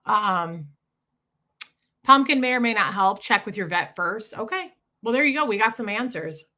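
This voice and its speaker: A woman chats casually on a live stream from home, greeting her viewers one by one. Her voice is husky because she has just woken up, yet the tone stays bright and forceful at a middle pitch. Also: expressive, normal speed.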